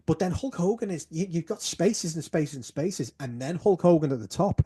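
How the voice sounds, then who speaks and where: A man co-hosting a podcast in casual chat, animated and sweary, often restarting his words. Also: fairly high pitch, moderate pace, husky. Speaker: podcast co-host.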